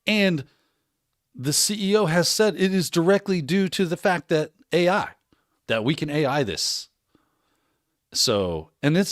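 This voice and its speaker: A man hosting a cybersecurity Q&A livestream, telling a story in a casual, animated way and acting out what people said. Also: a little high, no room sound, clean studio sound. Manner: animated, laughing storyteller who acts out quotes.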